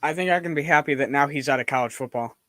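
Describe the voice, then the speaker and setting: A man's voice: on the high side, fast talker, a bit bright. A man hosting a casual sports stream, laughing easily and reacting to plays as they happen. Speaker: stream host.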